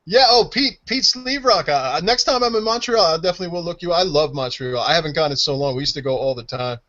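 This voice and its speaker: New York guy co-host, casual profane chat, bright tense voice, slightly high. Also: quick pace, muffled recording. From United States. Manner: profane, animated, laughing.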